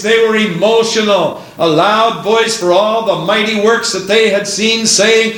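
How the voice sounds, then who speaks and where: A man's voice: high-pitched, slow, few pauses, fairly bright tone, heavy reverb, rough recording. A man preaching a fervent sermon and reading scripture aloud in old-fashioned wording.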